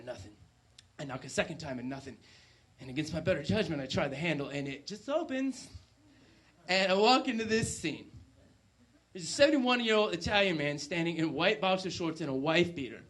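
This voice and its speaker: A man doing a stand-up comedy set on stage, animated, with loud bursts and low asides. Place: stage before a live audience.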